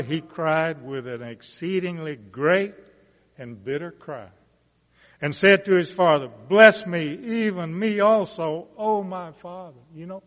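A man reads scripture and comments on it in a measured, emphatic sermon style. His voice sits a little high and moves very slowly. The sound is dull, with a long reverb trailing behind each phrase. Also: a bit bright. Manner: slow, deliberate reading with emphatic rises. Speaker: preacher. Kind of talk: Bible reading with commentary.

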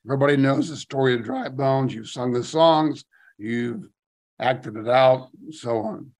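A man's voice: mid-range voice, unhurried, a little mellow. A man leading a Bible study, reading scripture aloud and commenting on it in casual asides, rising emphatically on key phrases. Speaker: Bible teacher.

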